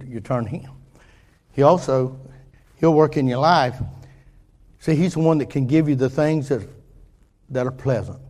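An older man preaching a folksy sermon, restarting phrases and swinging from quiet asides to louder points. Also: mid-range voice.

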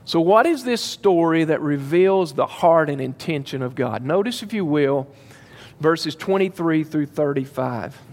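Emphatic preacher in a reverberant hall. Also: male voice, a little high, lively intonation, unhurried, darkish tone. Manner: emphatic, repeats key phrases, addresses the congregation directly. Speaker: pastor. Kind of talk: sermon.

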